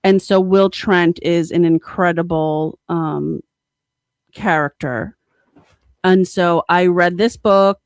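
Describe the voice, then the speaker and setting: A young woman co-hosting a podcast, chatting casually with lots of fillers and excited bursts. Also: on the low side, slow pace, dry recording. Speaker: podcast co-host. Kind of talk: casual chat.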